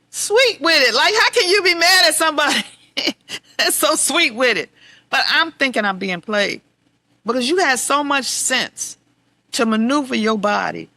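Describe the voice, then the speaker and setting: A middle-aged woman hosting a podcast, telling a candid personal story, heartfelt and wry, moving between quiet reflection and exasperated venting. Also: on the high side, dry recording. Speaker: podcast host.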